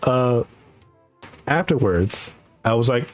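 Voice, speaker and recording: A young man streaming, telling a rambling, animated story in casual chat and laughing often. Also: mid-range voice, moderate pace, soft background music. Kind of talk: casual chat while gaming.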